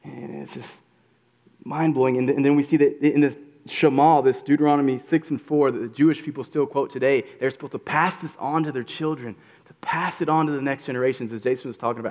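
A man's voice: mid-range voice, fast, darkish tone. A man preaching a casual sermon in a conversational way, acting out quotes in voices. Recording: reverberant hall.

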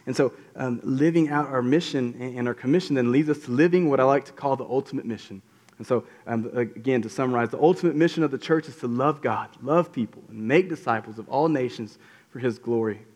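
A man's voice: medium pitch, fairly quick, darkish tone. A man, a pastor giving a casual, conversational sermon full of fillers and restarts. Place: church hall. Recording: long hall reverb.

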